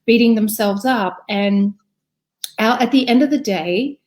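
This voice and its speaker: A woman's voice: on the high side, unhurried. A woman in her thirties, a nurse and mother, telling stories animatedly in a casual video-call chat. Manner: animated, storytelling with acted-out quotes. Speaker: guest, critical care nurse and mother.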